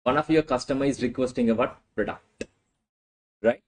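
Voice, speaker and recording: A man's voice: mid-range voice, moderate pace, low-quality recording. A male lecturer teaching a class, often asking "what?" and answering himself. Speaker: accounting lecturer.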